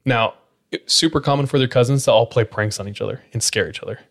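A man's voice: mid-range voice, quick pace, gravelly. A man hosting a podcast, casually retelling a spooky account and leaning on "like" as a filler. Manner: relaxed retelling full of likes. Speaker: podcast host. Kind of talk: casual storytelling.

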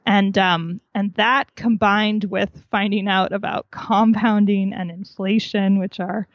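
A woman's voice: medium pitch, steady tone, takes it slowly, no room sound. A woman author telling her story in a podcast interview, candid and chatty, laughing at herself. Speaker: author and guest. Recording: dull, dry sound.

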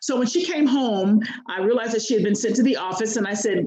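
A woman's voice: fast talker, few pauses, crowd noise. A woman coach, a podcast guest, telling a story expressively and acting out the quotes. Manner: expressive, acts out quotes with big pitch swings. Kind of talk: animated storytelling in an interview. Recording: roomy echo.

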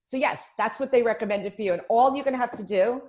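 A woman guest on a casual podcast chat who explains things in an emphatic, animated way. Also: fairly high pitch, fast. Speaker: guest, spa business founder.

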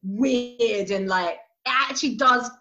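Woman on a podcast, bright forceful voice, bit lo-fi, laughs a lot chatting. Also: fairly high pitch, slow pace. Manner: chatty, laughs often, many likes. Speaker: sketch comedy actor, podcast guest. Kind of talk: casual podcast chat.

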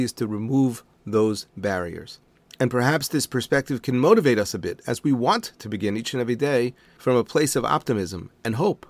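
Calm man teaching, dry sound. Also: medium pitch, no echo. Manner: calm, deliberate explanation with Hebrew terms. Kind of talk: measured spoken lesson on prayer.

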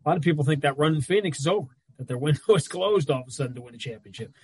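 Husky animated sports analyst, man. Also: on the high side, racing, no echo. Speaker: basketball analyst. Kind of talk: casual sports chat.

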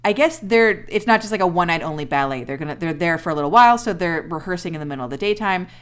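A woman's voice: fairly low pitch, lively intonation, very fast, fairly bright tone, clean tone. A woman co-hosting a podcast, chatting casually and sarcastically about a TV episode, swearing and acting out the characters' lines. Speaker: podcast co-host. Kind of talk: casual chat recapping a TV episode.

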